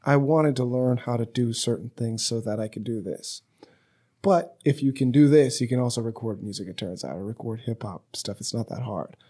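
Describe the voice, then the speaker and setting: A man's voice: medium pitch, normal speed, dark tone, husky. A man hosting a podcast, talking loosely and profanely in a chatty, storytelling way. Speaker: podcast host. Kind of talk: casual conversation. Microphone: podcast microphone.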